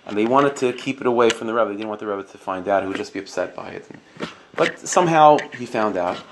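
A man's voice: fairly low pitch, fast. A man giving a casual storytelling sermon, speaking loosely with many fillers and Hebrew and Yiddish terms. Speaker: rabbi giving a talk. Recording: noisy recording.

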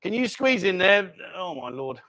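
High-voiced joking man hosting. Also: big pitch swings, moderate pace, sharp tone. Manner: jokey, bossy banter, calls people mate. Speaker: host. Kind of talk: lively live-stream chat. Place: bar. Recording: live stream.

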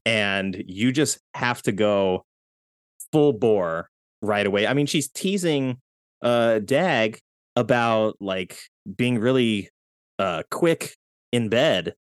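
Low-voiced man in lively movie chat. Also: slow, no room sound, clean studio sound. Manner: animated, laughs often, retells scenes. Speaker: podcast guest.

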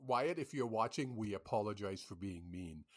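A man's voice: lowish voice, animated, normal speed. A man co-hosting a casual hockey podcast, swearing and laughing through the banter. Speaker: podcast co-host.

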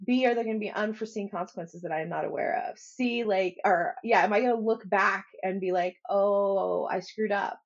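A woman's voice: medium pitch, fast talker, hardly any pauses, lo-fi sound. Emotional woman in her forties. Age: 40s. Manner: emotional storyteller, acts out dialogue. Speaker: podcast guest. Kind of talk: casual interview chat.

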